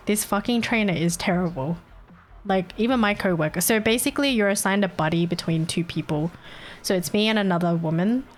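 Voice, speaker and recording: A woman's voice: mid-range voice, brisk. A young woman streaming live, chatting casually with viewers and venting animatedly, swearing freely.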